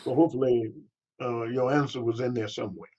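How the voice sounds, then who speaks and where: An older man, a pastor, answering interview questions in a halting way with many pauses and fillers, on a dull lo-fi recording. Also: mid-range voice, steady tone, warm tone.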